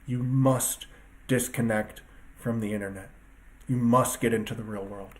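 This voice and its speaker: A man's mid-range, steady voice moves a little slowly as he rants to viewers from his two-screen computer desk. As an online commentator, he gives a casual solo talk that's emphatic, profane and rambling.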